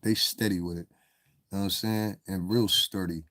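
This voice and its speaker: Brief: male livestream host from New York, lowish voice, dry close sound, combative and foul-mouthed, rambles while answering chat. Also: steady tone, moderate pace, a bit bright, no echo. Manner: confrontational, profane, rambling, talks back to chat. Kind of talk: casual live-stream rant.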